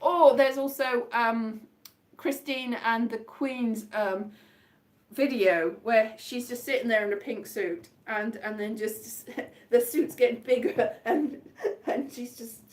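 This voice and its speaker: A woman's voice: a little high, takes it slowly. A woman chatting casually on a live stream from home, rambling between tangents. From Wales. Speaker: comedian live-streaming to viewers. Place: indoors at home.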